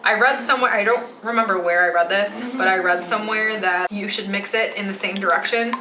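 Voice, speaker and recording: Woman, 20s, from Metro Detroit; relaxed rambling kitchen vlog, filler-heavy, roomy echo. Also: mid-range voice, fairly quick, a little hiss or hum. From Metro Detroit, USA. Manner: chatty, rambling with many "like" fillers. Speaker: vlogger. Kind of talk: casual chat while baking. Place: home kitchen.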